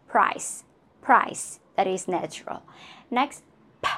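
Very slow-paced woman pronunciation teacher. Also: medium pitch, expressive. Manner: repeats each word slowly, asks "huh?" to check; laughs at herself now and then. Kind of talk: pronunciation lesson with drills.

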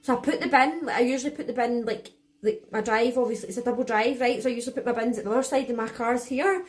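A woman's voice: on the high side, fast. A young woman tells a casual story to camera. She rambles, leans on fillers, swears a lot and sounds shaken. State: shaken and jittery. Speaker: vlogger.

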